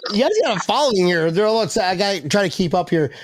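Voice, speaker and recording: A man hosting a casual podcast chat, animated and joking, laughing often as he talks with guests. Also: high-pitched, racing, no room sound, studio quality. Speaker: podcast host.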